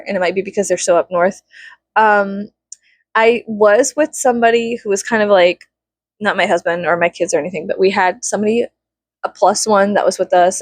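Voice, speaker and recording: A woman's voice: mid-range voice, dry recording. A woman telling a casual story, chatty and profane, with a lot of laughter.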